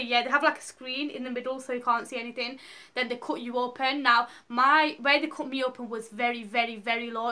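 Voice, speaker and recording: A woman's voice: on the high side, pushed and bright. Chatty young woman telling a story. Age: young adult. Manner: chatty, rambling, many likes and ums. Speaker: vlogger. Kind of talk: casual storytelling to camera.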